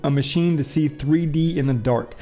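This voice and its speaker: Man, casual host, rambly and joking, pitched a little high, talks over faint music. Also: brisk, mellow. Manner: rambling, thinks aloud, joking asides. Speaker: show host. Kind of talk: casual commentary on window views and news.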